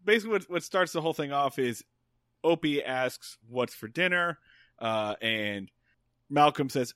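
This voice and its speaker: A man with a bright, fairly high voice and a very lively pitch recaps a TV episode as a podcast co-host. He jokes along and slips into voices for the characters. The sound is dry and close to the mic. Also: normal speed, dry recording. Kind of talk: casual chat recapping a TV episode.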